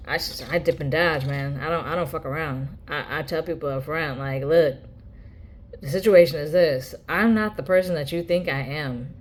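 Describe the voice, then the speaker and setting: A woman's voice: low-pitched, moderate pace. A woman ranting bluntly in a casual vlog monologue, swearing freely. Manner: blunt, profane rant with mocking quoted voices. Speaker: vlogger.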